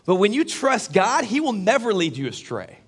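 A middle-aged man delivering a sermon in a conversational way, moving from hushed personal storytelling to loud, emphatic preaching. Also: sits high, huge pitch swings, normal speed, husky. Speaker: pastor.

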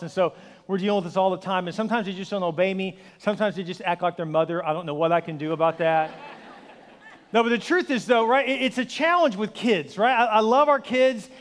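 Male pastor, forties, quick high voice, joking sermon in a reverberant church. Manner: energetic storytelling with acted voices and self-deprecating humor. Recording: long hall reverb.

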